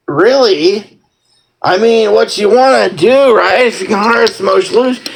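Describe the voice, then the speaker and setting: A man's voice: high voice, vocal fry, breathy edge, low-quality recording. A man in a casual ranting monologue, sarcastic and profane, rambling with lots of fillers and mock-scolding.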